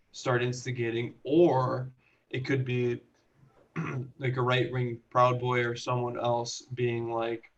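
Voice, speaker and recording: A man in casual chat with friends, retelling a video with acted-out quotes and plenty of swearing. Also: medium pitch. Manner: animated storytelling, acts out quotes, swears freely. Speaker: podcast co-host. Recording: muffled lo-fi audio.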